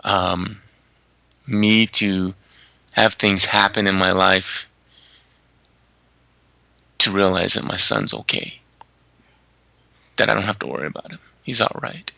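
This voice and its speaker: A middle-aged man, a teacher, telling personal stories in an interview in an earnest, halting way with many restarts. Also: low voice, steady tone, vocal fry, bright, forceful tone, dry recording. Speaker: teacher and father of a missing boy, interviewee. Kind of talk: emotional storytelling interview.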